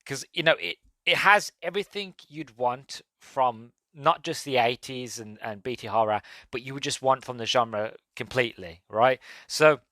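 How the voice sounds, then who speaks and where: A man's voice: mid-range voice, normal speed, hardly any pauses, pushed and bright, no echo. A man hosting a podcast, casually reviewing a movie in an enthusiastic, rambling way with lots of fillers. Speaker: podcast host.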